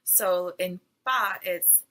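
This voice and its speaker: A woman's voice: fairly low pitch, extremely slow, pushed and bright, poor audio. A woman giving a casual Mandarin pronunciation lesson, chatty and full of fillers, sounding out syllables as she goes. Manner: chatty, lots of fillers, demonstrates tones aloud. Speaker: Mandarin teacher.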